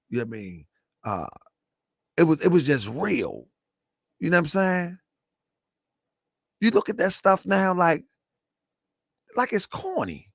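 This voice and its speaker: A middle-aged man hosts a casual commentary show, his raised voice swinging widely up and down. There is a gravelly rasp to his delivery. He rambles, repeats phrases, and breaks into laughter, all captured dry and close. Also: fairly high pitch, dry recording. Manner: animated, rambling, repeats himself, bursts of laughter. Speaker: show host.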